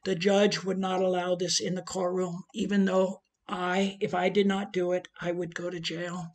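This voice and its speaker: A middle-aged woman giving an emotional personal testimony as a transgender advocate, speaking emphatically with big swings in loudness. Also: on the low side, flat delivery, normal speed.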